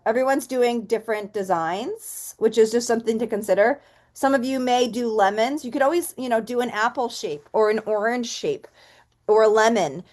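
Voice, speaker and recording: Chatty woman teaching a painting class. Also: fairly high pitch. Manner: chatty, thinks aloud, counts softly while stamping. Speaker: painting instructor. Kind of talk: relaxed step-by-step art tutorial.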